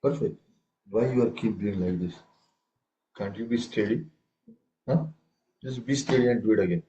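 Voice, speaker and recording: A man's voice: lowish voice, moderate pace, dark tone, dull audio, slight background noise. A man teaching a tabla class over a video call, correcting students and reciting rhythm syllables aloud. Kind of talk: online music lesson.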